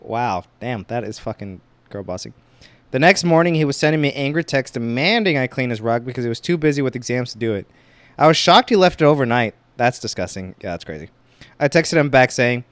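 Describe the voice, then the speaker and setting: A young man hosting a solo podcast, chatting casually and reading online posts aloud with quick exclamations. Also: mid-range voice, clear, resonant tone, no room sound. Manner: casual, rambling, exclaims reactions while reading. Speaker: podcast host.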